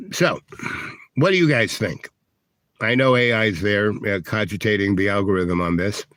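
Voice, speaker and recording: A man with a fairly low, slightly bright voice speaks a little slowly in a dry recording. Vlogging, he tells his viewers a long, rambling story packed with fillers and restarts, acting out other people's lines in raised voices.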